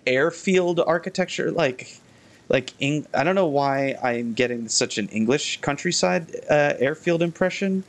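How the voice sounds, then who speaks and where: A young man talks through a live gameplay session in an easy, conversational way, pointing out details of the buildings around him. His voice sits at an ordinary middle pitch, and he breaks into excited yelps when something surprises him. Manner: chatty and excitable, with frequent restarts and sudden high exclamations. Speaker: architecture critic playing a video game.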